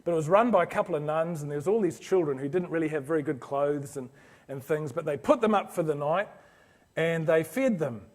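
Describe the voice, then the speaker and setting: A man with a fairly high, slightly mellow voice gives a motivational business talk to a live orthodontics audience, speaking briskly with lively intonation. He tells a story earnestly and anecdotally, restarting often.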